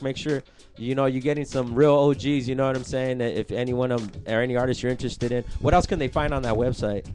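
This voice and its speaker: Radio host dude, slangy rambling questions, faint music behind him. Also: male voice, mid-range voice, fairly even intonation, fast talker, darkish tone. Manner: slangy, rambling questions with many "you know what I'm saying". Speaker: radio interviewer. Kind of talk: casual street interview.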